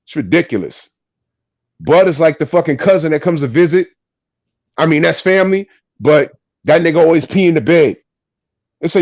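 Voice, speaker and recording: A man's voice: fairly high pitch, normal speed, long pauses, dry recording, muffled recording. A man co-hosting a casual boxing show, ranting and swearing in a heated debate. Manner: profane, ranting, animated.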